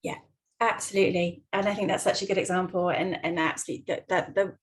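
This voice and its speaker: Gentle woman psychologist, full of ums. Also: fairly low pitch, steady tone, a little fast, rough recording. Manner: warm, gentle, many ums and restarts. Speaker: clinical psychologist. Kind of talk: advice talk.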